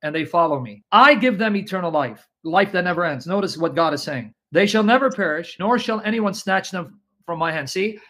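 A man's voice: high voice, animated, fairly quick, bright, forceful tone, rough recording. A man debating religion live, insistently reading scripture aloud with emphasis. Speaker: Christian debater.

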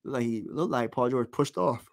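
Excited fan host calling a basketball game. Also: male voice, mid-range voice, moderate pace, gravelly. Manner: excited partisan, slangy, talks to chat. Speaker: livestream play-by-play host. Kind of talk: casual live fan play-by-play.

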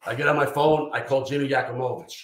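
A man telling profane, animated stories from his firefighting career in a casual interview. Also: mid-range voice, fast. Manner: profane, animated anecdotes with quoted dialogue. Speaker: retired fire lieutenant guest. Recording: roomy echo.

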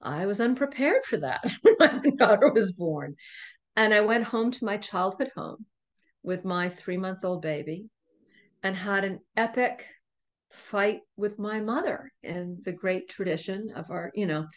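A middle-aged woman talks as a podcast guest, retelling a personal story with animated energy. She laughs often as she goes. Her pitch sits in an ordinary middle range. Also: unhurried. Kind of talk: storytelling in conversation.

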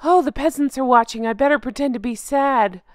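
A glamorous woman faking sadness, as a vlogger puts her on, with snide, sarcastic lines in a slightly high voice. The sound is dry and close. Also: a little fast, no room sound, lightly acted. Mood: mocking. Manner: sarcastic, mocking. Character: fake-sad glamorous woman, mocked in first person.

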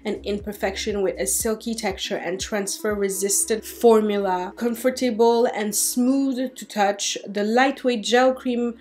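A woman beauty vlogger with a light French-tinged accent, chatting casually and excitably to camera about makeup. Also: mid-range voice, a little slow, few pauses. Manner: chatty, excitable, talks herself out of buying.

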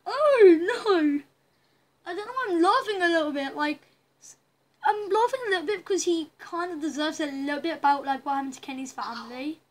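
A young woman with a high voice talks through a story game in a chatty, reactive way and often breaks into loud dismay. A faint hiss sits under her voice. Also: brisk. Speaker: gamer playing a story game. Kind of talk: let's play commentary.

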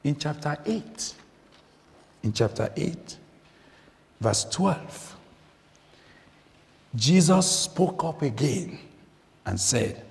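A male preacher delivers a sermon at an unhurried pace, his voice swinging widely in pitch with a gravelly edge. He presses his points by asking the congregation questions and repeating key phrases. The recording carries the long reverb of a church. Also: expressive, darkish tone. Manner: emphatic, repeats phrases, asks the listeners questions. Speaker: guest preacher.

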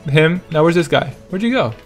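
A young man talks over his gameplay in a loose, joking way, cracking himself up and teasing other players. His pitch swings a lot as he reacts. Faint background music sits under his voice. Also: a little fast. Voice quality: animated, laughs a lot, playful teasing. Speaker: gaming YouTuber. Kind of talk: casual gameplay commentary.

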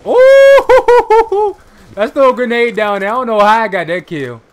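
A young man giving live gameplay commentary in a casual, excitable way, swearing and bursting into shouts. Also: sits high, fairly quick, clear, resonant tone. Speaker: gaming commentator.

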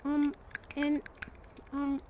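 A young woman chatting casually while role-playing in a VR game, her voice pitched very high. She speaks in an unhurried, soothing way, trailing off into sighs and fillers as she comforts the creatures around her. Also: monotone, dull audio, slight background noise. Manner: soft, comforting, hesitant with many ums and sighs. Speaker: VR game streamer.

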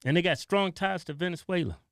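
A middle-aged man co-hosting a casual political commentary show, talking in an excitable, animated way. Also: high voice, brisk, no echo, studio quality. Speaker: co-host.

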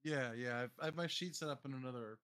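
A man playing in a tabletop game, talking quickly with many "like"s. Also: mid-range voice, a bit bright. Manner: quick, hedging with "like". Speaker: player. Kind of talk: tabletop role-play.

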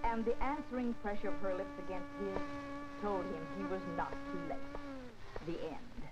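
A woman's voice: medium pitch, lively intonation, normal speed, heavy background noise, close to an everyday voice. A woman playing a swooning romance reader. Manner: dramatic, breathless reading of romance. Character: young country woman reading a romance aloud. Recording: dull 1940s film soundtrack with music.

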